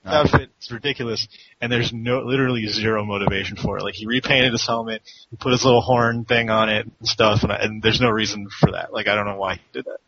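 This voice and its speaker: A man with a fairly low voice rambles animatedly in a casual podcast chat. The recording is lo-fi, with clear background noise. Clicks come through now and then. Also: fairly even intonation, quick pace. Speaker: podcast co-host.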